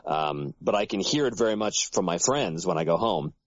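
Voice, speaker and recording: Middle-aged man, from Canada, General American accent, low voice, relaxed anecdotal delivery, dry muffled recording. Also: normal speed, dry recording. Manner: relaxed storyteller, laughs often. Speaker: voice actor. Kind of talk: casual podcast chat.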